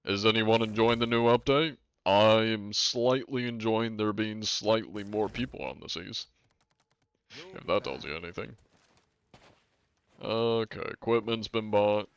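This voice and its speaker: Brief: deep-voiced male game streamer, relaxed and dry, casual about cursing. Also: a little slow, clear, resonant tone. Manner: laid-back, wry, swears casually. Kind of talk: casual live-stream chat.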